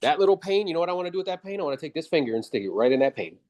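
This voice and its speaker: A man's voice: a little high, very animated, rapid-fire, darkish tone. A man coaching a real estate agent after a role-play, blunt and casual, calling him bro. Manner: briefly mimics others in exaggerated voices.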